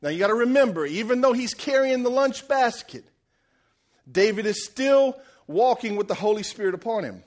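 A man preaching a sermon, telling a story with animated energy, acting out the characters' lines and laughing often. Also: very high-pitched, moderate pace. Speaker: pastor.

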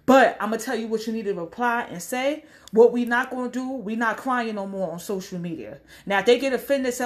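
This social media commentator rants directly to the camera in a casual vlog, her voice high, expressive and brisk with few pauses. She dishes out blunt, profane advice and performs the voices of the people she quotes.

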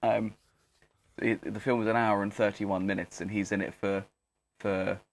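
A young man co-hosting a casual film podcast, talking in a halting, rambling way with lots of restarts. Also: fairly low pitch, little pitch movement, a little hiss or hum. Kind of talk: casual chat.

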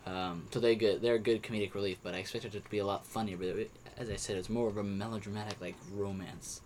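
A young man talks through his movie opinions in a relaxed podcast chat, circling back with fillers and restarts. His voice sits low, with a faint hiss of background noise behind him. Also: fast talker. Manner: rambling, with frequent restarts and fillers. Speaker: podcast co-host. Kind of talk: casual movie review chat.

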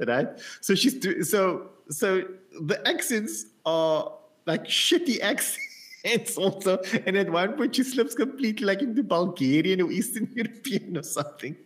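A man's voice: high voice, moderate pace. A man co-hosting a casual movie podcast, retelling scenes with lots of laughter and fillers. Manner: chatty, laughs often, animated retelling. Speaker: podcast co-host. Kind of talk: casual movie review chat.

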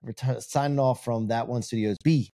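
A man's voice: mid-range voice, steady tone, moderate pace, creaky, dark tone. A man hosting his own podcast, chatting casually with a guest in a laid-back, slangy, enthusiastic way. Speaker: podcast host.

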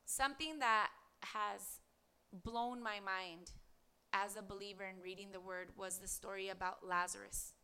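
A woman delivers a devotional podcast sermon in a bright voice. She reads scripture aloud and asks earnest rhetorical questions. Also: medium pitch, fairly even intonation, unhurried, clear, resonant tone. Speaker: preacher.

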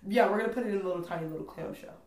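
A woman's voice: mid-range voice, racing, darkish tone. A woman co-hosting a casual podcast chat, talking animatedly, laughing often and acting out customers. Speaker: podcast co-host. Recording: echoey room.

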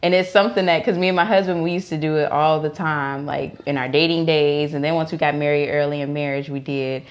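A woman's voice: sits low, quick pace. A young adult woman co-hosting a podcast in casual chat, laughing often as she talks. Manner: laughs often, chatty and relaxed. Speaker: podcast co-host.

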